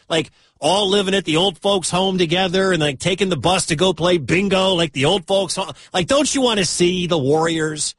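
A man hosting sports talk radio, excitable and given to loud bursts of enthusiasm. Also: high-pitched, no echo.

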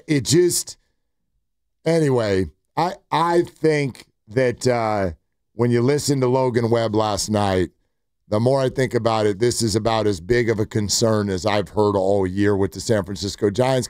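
A man's voice: mid-range voice, a little slow, no echo, studio quality. A man hosting sports talk radio, telling stories animatedly and acting out what others said. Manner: animated storytelling with quoted asides.

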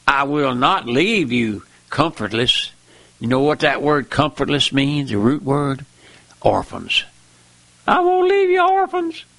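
A man preaching a fiery sermon, repeating "my friend" and "listen," dropping to low murmurs and rising to high cries. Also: bright, forceful tone.

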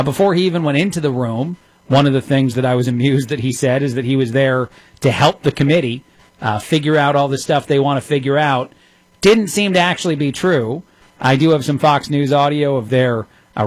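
A sarcastic male radio host in his thirties, talking through the news with plenty of ums and uhs. His voice sits at an ordinary middle pitch, and the studio sound is dry and close. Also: dry recording. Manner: sarcastic, rapid-fire delivery with frequent fillers. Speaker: radio talk show host. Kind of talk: opinionated radio commentary.

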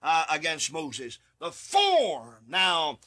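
A man preaching a sermon alone in a studio, reading scripture and repeating key words with sudden shouted emphasis. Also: fairly high pitch, wildly swooping pitch, drawn-out words.

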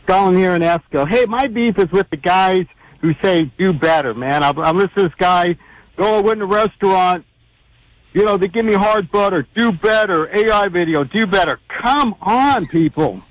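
Animated mocking male caller. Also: sits high, normal speed, no echo, rough recording. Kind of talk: call-in rant.

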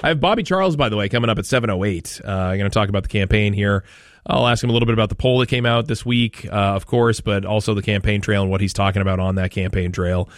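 Talk radio host, male, from Maine, lowish voice, chatty and rambling, dry close mic. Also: fast, dry recording. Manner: chatty, rambling, with frequent restarts. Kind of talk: casual talk radio chat.

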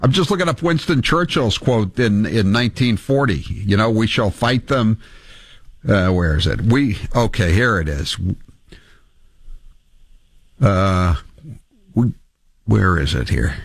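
A male talk radio host delivering animated, sarcastic commentary and taking calls. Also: fairly low pitch, slightly rough, dry recording, studio quality. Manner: animated, sarcastic, quick to rant.

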